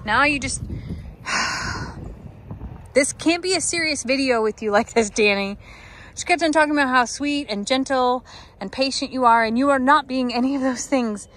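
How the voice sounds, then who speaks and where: A woman's voice: high voice, normal speed, long pauses, a bit bright. A woman vlogging in a cattle pasture, chatting affectionately with the cows and musing aloud to viewers. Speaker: ranch vlogger. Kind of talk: casual vlog talk to animals and viewers. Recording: outdoor noise, vehicle hum.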